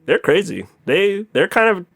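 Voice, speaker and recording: A man's voice: sits high, moderate pace, creaky, husky, no echo. A man in casual podcast chat, rambling and swearing freely, with lots of filler words. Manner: animated, profane, rambling with many "like" fillers.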